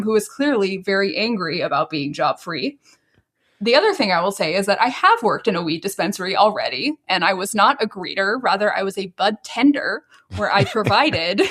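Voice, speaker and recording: A woman's voice: mid-range voice, a bit bright. A woman co-hosting a podcast, ranting in a sarcastic, profane, laughing manner. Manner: sarcastic, swearing, laughing rants. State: waiting for an edible to kick in. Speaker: podcast co-host. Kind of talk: casual podcast banter.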